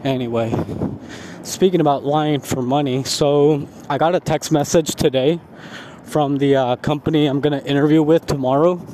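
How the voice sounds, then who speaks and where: A man tells a heated story outdoors, cursing freely as he rants. His voice sits a little high, and faint city traffic hums behind him. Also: normal speed. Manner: heavy profanity, animated ranting with laughs. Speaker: vlogger. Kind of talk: casual ranting storytime.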